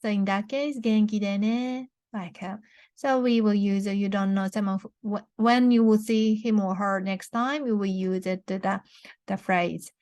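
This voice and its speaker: A young woman with a Japanese accent teaching a beginner language lesson, saying words slowly and clearly for repetition, with frequent restarts. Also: medium pitch, fairly even intonation, darkish tone, no echo. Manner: slow, careful model pronunciations with many restarts.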